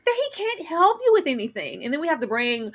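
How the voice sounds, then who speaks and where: A woman hosting a casual TV review panel, talking in an animated, emphatic way. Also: high-pitched, fast talker. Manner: animated, emphatic, acts out quotes.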